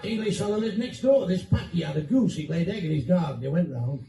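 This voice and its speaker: In an echoey room, a phone filming from a distance picks up a man telling bawdy jokes over background music. His voice sits high with vocal fry, his pace is quick, and he curses freely while switching voices for the characters.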